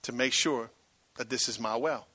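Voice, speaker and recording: A man's voice: mid-range voice, moderate pace, pushed and bright, husky, no room sound, voice pushed down. A man voicing an ancient patriarch who states his claim firmly, in his own preaching voice. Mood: assertive. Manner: firm and assertive. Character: ancient male patriarch, assertive and calm.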